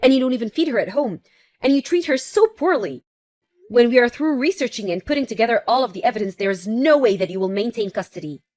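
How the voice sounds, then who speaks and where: Female reader for an indignant fiancée in a text story: firm, protective, steady. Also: a little high, fast talker, lightly acted. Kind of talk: text-message story narration.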